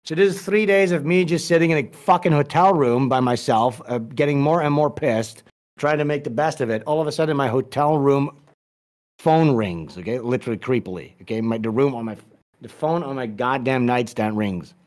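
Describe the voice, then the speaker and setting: A man's voice: mid-range voice, a little fast, darkish tone. A man telling a story as a podcast guest, casual, profane and rambling, with many restarts.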